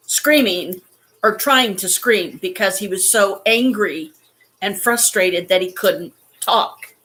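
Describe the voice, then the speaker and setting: A woman telling a personal story in a halting, shaken way, holding back tears and swearing now and then. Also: medium pitch, sharp tone. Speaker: vlogger.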